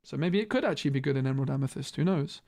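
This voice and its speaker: A man's voice: mid-range voice, lively intonation, racing, gravelly, a little mellow. A man streaming a casual card review, thinking aloud with frequent restarts.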